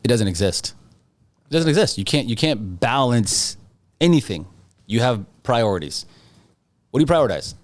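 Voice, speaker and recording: A man's voice: medium pitch, very animated, moderate pace, long pauses. Emphatic, confident man talking shop. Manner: emphatic, confident, punchy repetition. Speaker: podcast guest, real estate agent. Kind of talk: conversational interview.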